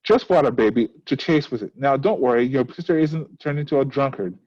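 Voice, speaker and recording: A man reading aloud the lines of a vain, nervous older Southern woman from a script, in a rushed, flat way. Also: medium pitch, highs cut off, lightly acted.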